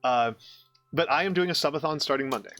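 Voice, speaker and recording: Bright-voiced man hosting a stream. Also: a little high. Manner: halting, with many fillers and repeated words. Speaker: streamer host. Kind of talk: casual chat on a stream.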